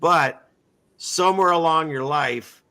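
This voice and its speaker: A man's voice: fairly high pitch, takes it slowly, bright, forceful tone, smooth. A man hosting a casual interview, telling long rambling stories and acting out the people he quotes. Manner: rambling storyteller, acts out quotes in voices. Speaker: podcast host.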